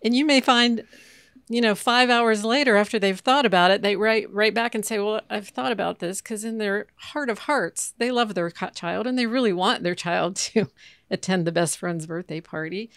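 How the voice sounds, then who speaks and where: Woman counselor on a podcast, creaky voice, calm explaining, dry mic. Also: mid-range voice, moderate pace, no room sound. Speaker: counselor guest. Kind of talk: interview.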